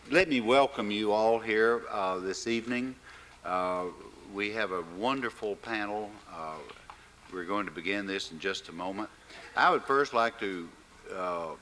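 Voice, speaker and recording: Low-voiced older man with an Arkansas accent. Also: a bit bright, slight background noise. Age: 60s. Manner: folksy, halting with frequent fillers. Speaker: event host. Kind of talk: welcoming speech to a live audience.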